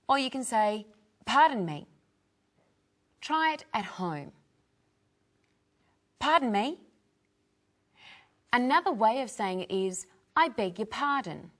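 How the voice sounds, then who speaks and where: A woman teaching English phrases, clearly modelling each one for learners to repeat. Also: on the high side. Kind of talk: slow teaching with repeat-after-me drills.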